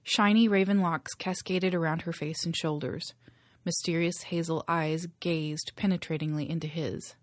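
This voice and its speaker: A woman narrating a novel chapter in a steady storytelling voice. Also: deep voice, normal speed, no echo. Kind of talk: audiobook reading.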